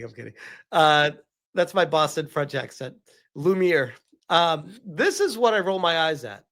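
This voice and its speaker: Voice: medium pitch, a bit bright. A host giving casual, sarcastic commentary on online drama and reading posts aloud in an exasperated tone.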